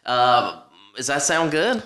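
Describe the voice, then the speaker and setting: A man doing a chummy, overly earnest talk-show host. His voice is bright and forceful at a middle pitch. It is an improvised comedy podcast bit. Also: very animated, slow, exaggerated voice. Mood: eager. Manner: eager, overly earnest interviewer.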